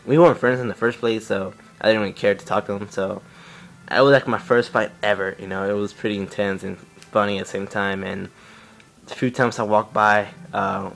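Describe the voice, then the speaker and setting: A man's voice: on the low side, vocal fry, a bit bright. A young man casually telling a story on his own channel, rambling with lots of fillers and swearing. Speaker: vlogger.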